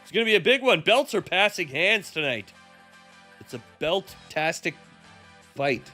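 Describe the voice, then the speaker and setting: A man streaming comedic wrestling commentary, loud, joking and cursing, with faint music behind him. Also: high voice, sing-song, measured pace. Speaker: streamer doing fight commentary.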